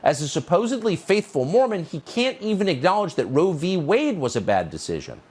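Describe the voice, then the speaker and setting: A man's voice: on the high side, very animated, fairly quick, a little mellow, slightly rough. A male commentator delivering a scripted monologue in a sarcastic, mocking, emphatic manner. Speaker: political commentator.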